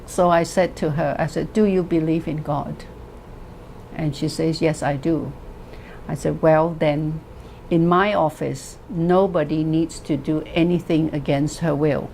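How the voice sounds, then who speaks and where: A woman therapist telling a story from her practice in a reflective, earnest way, with pauses as she speaks. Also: sits low, steady tone, vocal fry, a little mellow, slight background noise, rough recording. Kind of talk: storytelling talk.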